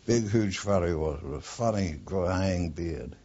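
A man's voice: low-pitched, unhurried, warm tone, slight background noise. An older man, a war veteran, bluntly reminiscing in an oral history interview, swearing often and drifting off topic. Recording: dull lo-fi archive tape.

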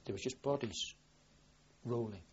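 A man's voice: mid-range voice, unhurried, muffled recording, a little hiss or hum. An older man, a navy veteran, telling his wartime memories in a rambling oral history interview, full of restarts and quoted dialogue. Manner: rambling with frequent restarts, lively when quoting himself. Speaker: war veteran recalling service.

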